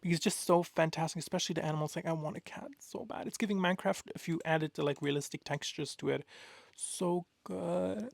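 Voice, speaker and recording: Young male vlogger, gravelly and a touch high, gushes and rambles. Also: a little fast, no room sound. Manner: excitable, gushing, rambling with many fillers. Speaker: art vlogger. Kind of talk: casual chat.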